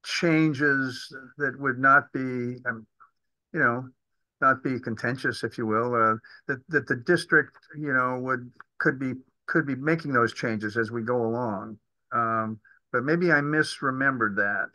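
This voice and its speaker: A man speaking as a committee member in a remote meeting, halting and searching for words over a video call. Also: medium pitch, bright, forceful tone, dry recording, low-quality recording.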